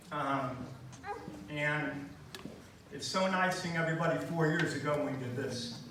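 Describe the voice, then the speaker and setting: A middle-aged man speaking at a memorial gathering, reminiscing with frequent pauses and fillers. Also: on the high side, background noise. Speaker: eulogy speaker. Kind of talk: memorial speech. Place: large room at a gathering. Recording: distant mic in echoey room.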